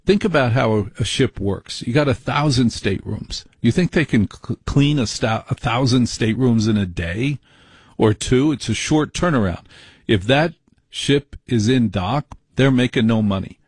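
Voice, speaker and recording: Brash, husky-voiced man ranting. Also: medium pitch, animated, moderate pace, no echo. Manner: brash, rambling, mock-exasperated. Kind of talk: opinionated monologue.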